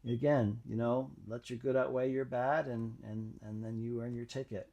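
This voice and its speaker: Man, mid pitch, personal testimony talk, reflective and halting with lots of fillers. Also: level tone, creaky, dark tone, dull audio. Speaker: channel host.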